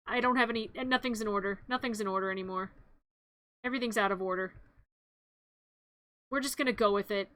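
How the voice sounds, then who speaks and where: A woman's voice: mid-range voice, a little fast, long pauses, a bit bright, no room sound. A woman streamer playfully narrating a comedy movie recap, rambling and interrupting herself.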